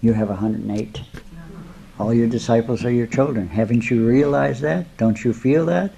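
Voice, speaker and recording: A man voicing his old male guru, gentle and teasing, in a retold spiritual story. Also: medium pitch, normal speed, gravelly, slight background noise, lightly acted, rough recording.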